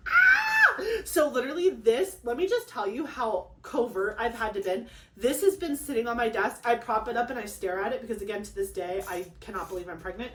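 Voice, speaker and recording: Excitable young woman telling a story. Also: on the high side, a little fast, noisy background. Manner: excitable, rambling, full of fillers and acted quotes. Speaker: craft channel host. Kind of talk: casual storytelling chat. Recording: echoey room.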